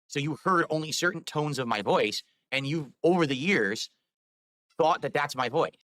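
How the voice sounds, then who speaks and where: A man's voice: a little high, expressive, normal speed, a bit bright, no room sound. A man streamer talking on a live stream, explaining himself at length in a rambling, defensive way. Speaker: video game streamer.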